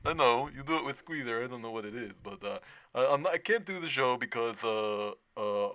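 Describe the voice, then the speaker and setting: Evasive middle-aged man who stammers, put on by a male cohost; lively pitch. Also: fairly quick, background noise, lightly acted. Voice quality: hesitant, stammering.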